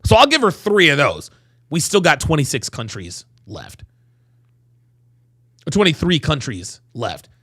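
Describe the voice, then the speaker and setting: A man hosting a livestream, reacting to a clip with profane, animated commentary, repeating phrases and stretching words for emphasis. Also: fairly high pitch, unhurried, pauses often, husky. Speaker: host reacting to a video clip.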